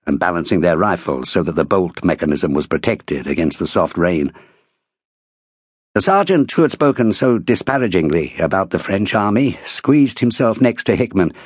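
Low husky male audiobook narrator. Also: no echo, studio quality. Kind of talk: scripted narration.

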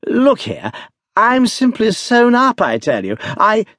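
A man's voice: high-pitched, wildly swooping pitch, slow, fairly bright tone, no room sound, clean studio sound, voice pushed up, full character voice. A man voicing a tipsy young man who pleads breathlessly. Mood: pleading.

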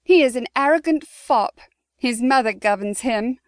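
For an audiobook, a woman voices a defiant, fiery young noblewoman, speaking indignantly and emphatically in a lightly acted performance. Her voice is on the high side at normal speed, recorded dry with studio quality.

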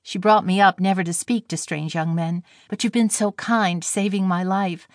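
A woman's voice: mid-range voice, fairly even intonation, normal speed, dry recording, clean studio sound, lightly acted. A woman playing a shy anxious young girl. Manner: soft, anxious, earnest.

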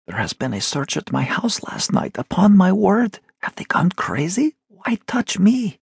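A man's voice: very animated, measured pace, gravelly, husky, no room sound, clean studio sound, full character voice. A man voicing a flustered male merchant in trouble, indignant and pleading, in an audiobook reading. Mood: alarmed. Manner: indignant, pleading, rising to high exclamations.

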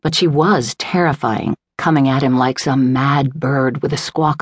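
A woman reading a literary novel aloud in a measured, unhurried way, voicing the characters lightly. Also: rumbling low, steady tone, slightly rough, no echo, studio quality. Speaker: audiobook narrator. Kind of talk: scripted narration. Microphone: close studio mic, dry.

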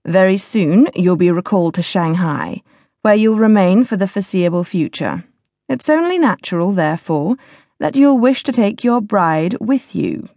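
A woman's voice: medium pitch, animated, normal speed, mellow, no room sound, natural voice. A woman reading the part of a scheming older English lord who speaks affably but gives orders in a cold, businesslike way. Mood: commanding.

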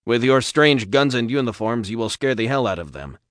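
A man's voice: mid-range voice, expressive, a little fast, fairly bright tone, no room sound, clean studio sound, close to an everyday voice. A man voicing a confident, commanding male engineer with formal speech, in an audiobook.

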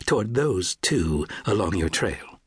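A man voicing a genteel, playful Englishwoman with a British accent, soft-spoken and cordial. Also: low voice, very animated, unhurried, slightly rough, no room sound, studio quality, full character voice.

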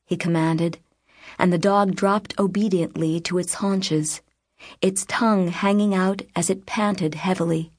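A woman narrating an audiobook in a measured, even reading voice. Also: lowish voice, dry recording, clean studio sound. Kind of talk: scripted narration.

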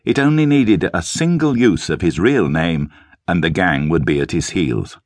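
A man narrating an audiobook story in a measured, expressive storytelling manner, recorded close on a studio mic. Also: low voice, no room sound. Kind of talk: scripted narration.

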